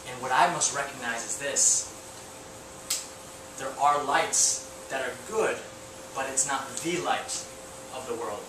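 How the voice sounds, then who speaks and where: Impassioned preacher in an echoey hall. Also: male voice, mid-range voice, distant mic, background noise. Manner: impassioned, emotional storytelling with frequent restarts. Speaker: pastor. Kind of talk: sermon. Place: church hall.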